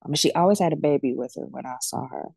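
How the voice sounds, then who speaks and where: A woman's voice: low voice, quick pace, creaky, a little mellow, breathy edge, dry recording. A woman working as a death doula and medium, speaking candidly and colloquially as a podcast guest, acting out the voices in her stories. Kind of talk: casual heartfelt interview talk.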